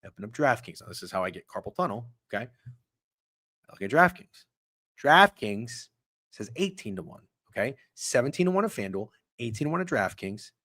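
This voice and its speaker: A man hosting a live sports betting stream, ranting with heavy swearing and swinging from muttered asides to loud outbursts. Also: mid-range voice, very animated, normal speed, dry recording. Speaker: sports betting show host.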